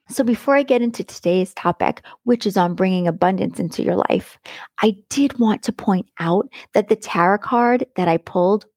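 A woman's voice: mid-range voice, gravelly, a little mellow, no echo, studio quality. A middle-aged woman hosting a podcast and telling a personal story in a chatty, blunt way, laughing often. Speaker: podcast host. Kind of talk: casual storytelling monologue.

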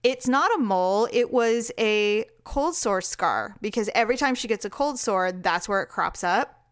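Sarcastic gossip co-host, female, smooth-voiced, dry close sound. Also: medium pitch, normal speed, no room sound. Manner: chatty, sarcastic, animated storytelling. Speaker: podcast co-host. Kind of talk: casual celebrity gossip chat.

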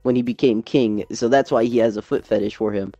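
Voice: mid-range voice, fairly even intonation, brisk, dark tone, no room sound, muffled recording, soft background music. A young podcast co-host telling loose stories in a casual chat, laughing often.

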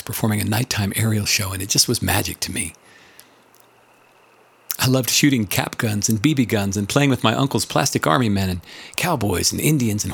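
Gravelly older male narrator, earnest reflective read, lowish voice. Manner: earnest, builds rhetorical lists.

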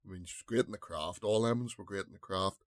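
Low-voiced man musing about films. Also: fast, no room sound, clean studio sound. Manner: rambling, searches for words, many fillers. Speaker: podcast co-host. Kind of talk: casual film review chat.

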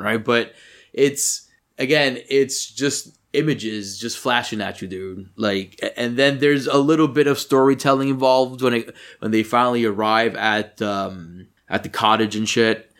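A man co-hosting a podcast, chatting casually about a film, rambling and swearing and getting animated when something annoys him. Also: mid-range voice, a little slow. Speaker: podcast co-host. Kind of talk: casual movie review chat.

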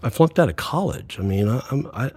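An earnest man in his sixties tells his faith story as an interview guest, bringing the quoted conversations to life. His voice is mellow and husky. The sound is close and dry. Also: mid-range voice, expressive, fairly quick, no room sound. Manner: earnest, acts out quoted dialogue. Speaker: podcast guest.

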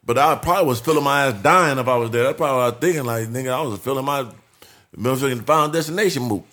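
A man spins a story at a fast clip as a guest in a casual chat, his delivery loose and animated. He leans hard on profane street slang and slips into acting out what other people said. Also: medium pitch. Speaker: podcast guest.

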